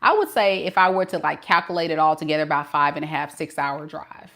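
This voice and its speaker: A woman's voice: low voice, fast talker, fairly bright tone. A woman in her forties from Southern California with a light Southern twang, chatting casually with viewers and laughing often. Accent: Southern California with a light Mississippi twang. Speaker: tarot reader. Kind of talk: casual live-stream chat.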